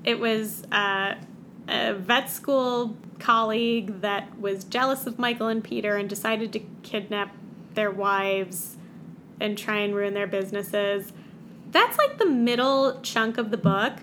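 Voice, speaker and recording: A woman's voice: mid-range voice, unhurried, a bit bright, a little hiss or hum. A woman co-hosting a casual book chat podcast, giving wry, exasperated commentary. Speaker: podcast co-host.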